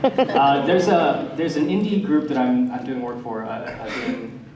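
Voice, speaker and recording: A man's voice: medium pitch, steady tone, unhurried, lo-fi sound. A man on a convention panel who talks in a chatty, hesitant way, with lots of laughter, while he moderates questions. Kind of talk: casual convention panel talk. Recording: echoey hall from far off with crowd.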